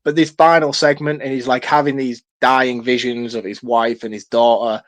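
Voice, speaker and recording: A man co-hosting a casual film-review podcast, excitable and swearing freely in long runs. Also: medium pitch, moderate pace. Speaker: podcast co-host.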